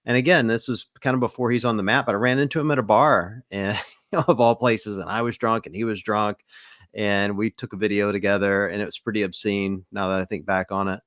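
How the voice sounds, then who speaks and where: Low-voiced man telling rambling stories. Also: fairly quick, no room sound, clean studio sound. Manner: rambling, relaxed storytelling with many fillers. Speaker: podcast co-host. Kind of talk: casual podcast chat.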